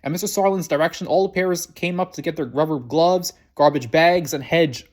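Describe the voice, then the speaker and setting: Man reading a children's book aloud; fast, slightly high, self-correcting. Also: a little mellow. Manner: quick, with frequent restarts. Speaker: reader.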